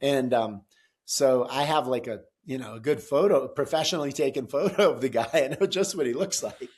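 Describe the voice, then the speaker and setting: A middle-aged man telling a story in a casual, animated way, swearing and acting out the quotes loudly. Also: mid-range voice, a little fast. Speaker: podcast guest, gym founder.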